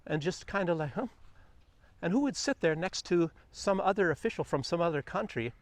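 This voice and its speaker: A man vlogging outdoors on a quiet morning walk, chatting loosely about the news, meandering and often chuckling. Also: high voice, animated, a little fast, no echo. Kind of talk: rambling commentary on the news.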